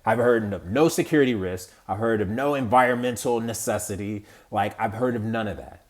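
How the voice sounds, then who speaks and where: A man's voice: lowish voice, fairly quick. Heated man ranting casually. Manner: heated, exasperated, profane, casual slang. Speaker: podcast host. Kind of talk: solo political rant.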